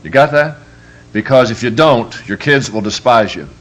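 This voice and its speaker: He speaks at medium pitch and a normal pace, taking on a preacher's role for a funny parenting workshop in front of a live audience. The stories land with lively emphasis and plenty of jokes.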